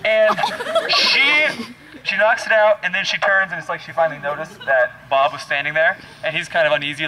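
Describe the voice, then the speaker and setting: A man telling a long joke in an animated, chuckling way, often restarting his sentences. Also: high-pitched, normal speed. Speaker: joke teller. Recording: loud background noise.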